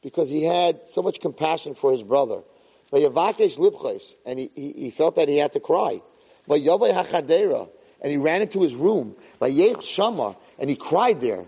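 Male Torah teacher, husky voice, animated and repetitive, reverberant hall. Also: a little high, slow. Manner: animated, repeats phrases for emphasis, Hebrew terms mixed in. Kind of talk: Torah class on the weekly portion.

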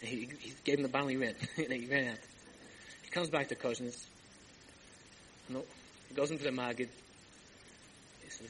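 A man's voice: medium pitch, normal speed, pauses often, slight background noise, poor audio. A man telling a Hasidic tale as a rabbi in a sermon, acting out the dialogue and dropping Yiddish and Hebrew words as he goes. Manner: animated storyteller, acts out dialogue, Yiddish-laced asides. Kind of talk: storytelling sermon. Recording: archival tape with faint background ambience.

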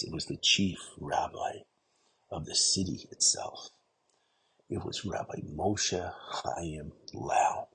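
A man giving an earnest storytelling sermon, often dropping to a hushed voice at the emotional moments. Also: low-pitched, a little hiss or hum, rough recording.

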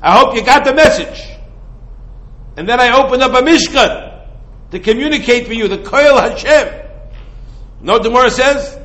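A high-pitched man delivering an animated Torah lecture. He keeps asking his listeners rhetorical questions and drops Hebrew and Yiddish terms into casual English. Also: rough recording. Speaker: rabbi teaching Torah.

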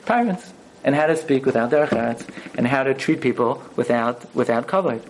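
A man teaching a Torah lesson in a sermon style, animated and acting out the quotes he tells. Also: mid-range voice, brisk, slight background noise, low-quality recording. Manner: animated storyteller, acts out quotes. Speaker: rabbi teaching a Torah class.

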